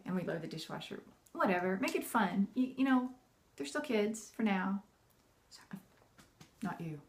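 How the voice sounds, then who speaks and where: A homeschooling mom talking casually to camera, chatty and animated, laughing often and acting out the bossy and cheerful voices she uses with her kids. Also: medium pitch, normal speed, slight background noise.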